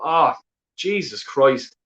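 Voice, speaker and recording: A man's voice: mid-range voice, animated, slow pace, fairly bright tone, roomy sound. An Irish man ranting angrily on a live stream as a football fan, swearing constantly and repeating himself. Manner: heavy swearing, exasperated, repetitive filler phrases. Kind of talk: angry live-stream rant.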